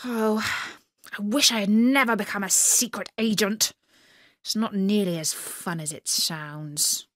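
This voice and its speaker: A woman's voice: medium pitch, unhurried, a bit bright, no room sound, clean studio sound, lightly acted. A woman voicing a silly young male jester who works as a secret agent, telling jokes in a chirpy, cheeky way in a storybook reading. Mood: worried.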